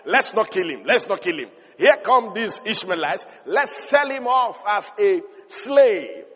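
A man preaching who voices a scheming older brother in a lower conspiratorial tone. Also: very animated, unhurried, fairly bright tone, slightly rough, big-room sound, heavily acted.

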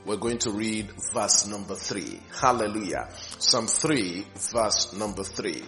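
A male pastor preaching slowly and emphatically, repeating phrases with rising fervor. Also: fairly low pitch, a bit bright, faint music behind. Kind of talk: sermon.

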